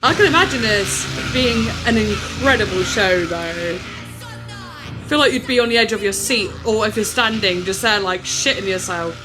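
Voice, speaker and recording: A young woman hosting a music reaction video, talking casually and candidly, swearing freely and thinking out loud with plenty of fillers. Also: medium pitch, expressive, moderate pace.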